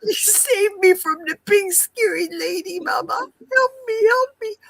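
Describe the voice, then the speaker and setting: A woman's voice: measured pace, gravelly, no echo, heavily acted. A woman voicing a frightened little kitten that whines and mews for its mama. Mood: pleading. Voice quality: high, whiny mewing.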